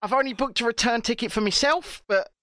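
A British man telling a story in casual, animated chat, swearing often. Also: extremely high pitch, a little fast, dry recording, studio quality. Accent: British English.

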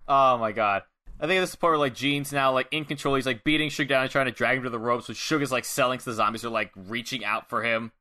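A man co-hosting a casual chat, recapping with frequent laughter, with a lingering cough. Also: mid-range voice. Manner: laughing, animated recapping with quick acted-out quotes. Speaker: podcast co-host.

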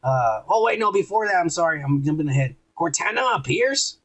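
A male podcast host gives a casual recap of a TV episode, rambling and swearing while acting out plenty of quotes. His voice is on the high side, a bit bright, sing-song and brisk.

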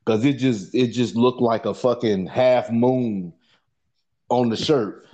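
A man's voice: medium pitch, fairly even intonation, slow, warm tone. A man telling a long profane story in a casual podcast chat, rambling and repeating "you know what I'm saying" as he goes.

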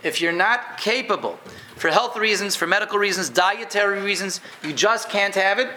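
Bright-voiced man teaching a Torah class. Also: sits high, normal speed. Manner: conversational, repeats words, quizzes listeners. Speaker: rabbi teaching Jewish law. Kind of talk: informal halacha class. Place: room with a live audience.

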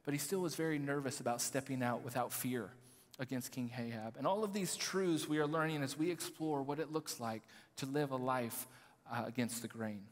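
A man preaching as a pastor, reading scripture slowly and deliberately with emphatic pauses. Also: mid-range voice. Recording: long hall reverb.

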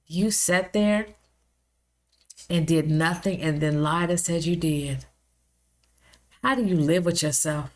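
A woman with a deep, low-pitched voice speaks straight to her vlog audience. She talks in an indignant, emphatic way and drives home her points by repeating them. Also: takes it slowly, pauses often. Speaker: video blogger. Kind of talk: impassioned vlog commentary.

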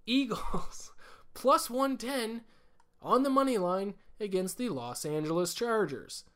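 Picture a hammy old-school radio sports announcer, as a man puts him on, pitched way up above a normal speaking voice and stretching every word out slowly. He booms each line in a mock broadcast style that sounds very deliberate. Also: expressive, a bit bright, exaggerated voice. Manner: slow, drawn-out, exaggerated announcer delivery.

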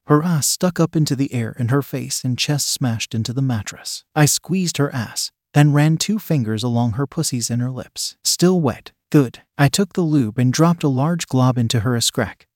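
A man's voice: medium pitch, normal speed, few pauses, a little mellow, no room sound. Man reading a story, dry close sound. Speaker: narrator. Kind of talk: first-person story reading.

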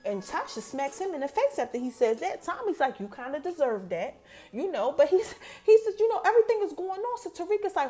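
A woman's voice: high-pitched, very animated, fast, warm tone. A woman hosting a podcast, animatedly recapping a TV episode in casual chat, quoting the characters and talking straight to her listeners. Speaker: podcast host.

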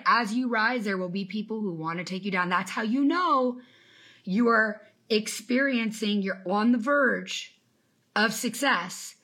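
She's in her thirties, a business coach and podcast host greeting live-stream viewers by name during an emphatic motivational talk grounded in faith. The voice is mid-range with a fairly bright tone.

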